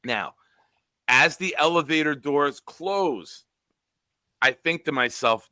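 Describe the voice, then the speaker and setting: A man in his forties, a show host telling a profane, animated sports story with quoted dialogue. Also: on the high side, slow, pauses often, dry recording.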